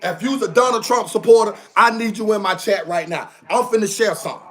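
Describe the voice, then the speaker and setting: Fired-up high-voiced man ranting on stream. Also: fairly quick. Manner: preachy, repetitive, fired-up. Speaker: live stream commentator. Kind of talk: heated livestream rant.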